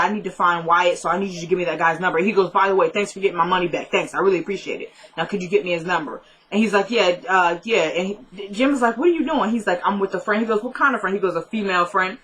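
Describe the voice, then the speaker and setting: A young woman talks through a TV drama episode in an easy, chatty recap. She quotes the characters back and forth at a mid-range pitch and slips in joking asides. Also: a bit bright, slightly rough, low-quality recording.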